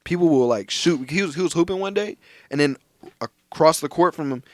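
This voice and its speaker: A man's voice: on the high side, fairly quick, no room sound. A young man from Texas, co-hosting a podcast, telling loose, profane stories in casual chat. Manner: loose, profane storytelling with put-on voices. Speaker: podcast co-host.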